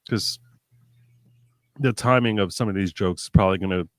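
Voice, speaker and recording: A man's voice: sits low, moderate pace, dry recording. A man hosting a casual live stream, reading viewers' jokes aloud and reacting to them.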